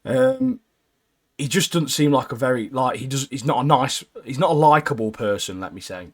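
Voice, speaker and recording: A man chatting casually about an anime episode as a podcast co-host. His voice sits at an ordinary middle pitch, and he talks with animated energy, tossing "mate" into most sentences. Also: normal speed. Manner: animated, keeps adding "mate", jumps into high squeaky voices when quoting characters. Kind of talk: casual anime recap chat.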